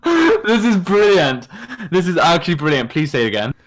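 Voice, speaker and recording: A man's voice: on the high side, huge pitch swings, moderate pace. A man, a podcast guest in casual chat, patiently spelling out words and laughing often.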